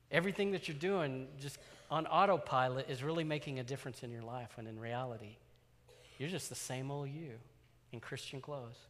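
A man preaching a storytelling sermon as a pastor, animated, swinging from loud exclamations to hushed asides. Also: medium pitch. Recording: long hall reverb.

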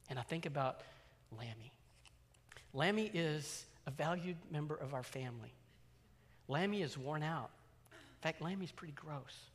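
A man preaching a storytelling sermon as a pastor, animated, swinging from loud exclamations to hushed asides. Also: a little high, unhurried, pauses often. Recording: long hall reverb.

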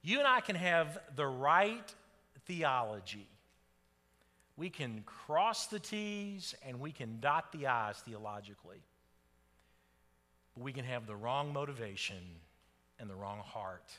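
A man preaching a sermon as pastor, swinging dramatically between loud exclamations and hushed, low passages. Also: very animated, takes it slowly, long pauses, in a large hall.

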